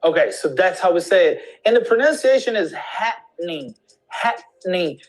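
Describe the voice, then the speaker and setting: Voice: medium pitch, expressive, fast talker, rough recording. An English teacher in an instructional video lesson, demonstrating slang greetings with repeated examples.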